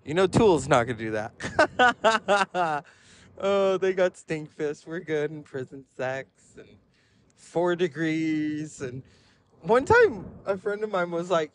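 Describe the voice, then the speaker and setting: Guy rambling thru podcast stories, lively voice that jumps around, some background noise. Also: fairly high pitch, takes it slowly. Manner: animated, rambling storytelling with frequent laughs. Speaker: podcast host. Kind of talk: casual rambling monologue.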